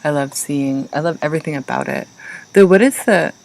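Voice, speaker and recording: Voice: mid-range voice, brisk, creaky, poor audio. A podcast co-host in casual chat who talks with enthusiasm and gushes about plants.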